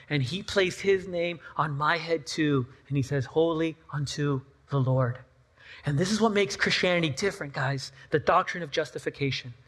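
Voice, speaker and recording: A middle-aged man, a pastor, preaching a sermon with lively rhetorical questions and personal stories. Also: a little high.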